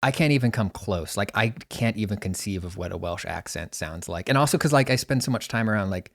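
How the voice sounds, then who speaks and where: A man's voice: lowish voice, lively intonation, brisk, gravelly, fairly bright tone, dry recording, studio quality. A man chatting casually on a podcast, rambling with lots of restarts and fillers. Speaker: podcast producer and guest. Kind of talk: casual chat.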